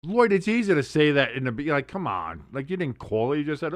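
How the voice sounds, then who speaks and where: Man, streamer host: rowdy, cursing play-by-play with sudden shouts and low asides, dry close-mic sound. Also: fairly quick, no room sound. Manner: excitable, profane, swings from yelling to muttering asides. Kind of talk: live game watch-along commentary.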